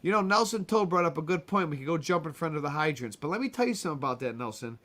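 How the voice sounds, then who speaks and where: A man's voice: on the high side, expressive, very fast, a bit bright. A man co-hosting a casual comedy chat show, joking and teasing his partner. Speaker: co-host.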